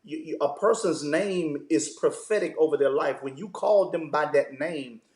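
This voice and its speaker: A man, a pastor, talks through fatherhood in a loose, story-filled way, dropping "man" into almost every thought. His voice sits a little high, and the room around him rings with echo. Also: normal speed, darkish tone. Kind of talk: conversational interview.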